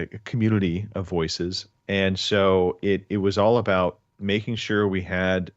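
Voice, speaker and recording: A man's voice: deep voice, fairly even intonation, moderate pace, hardly any pauses, dry recording, dull audio. A man hosting a casual podcast chat, talking in long rambling stretches with many restarts. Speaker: podcast host.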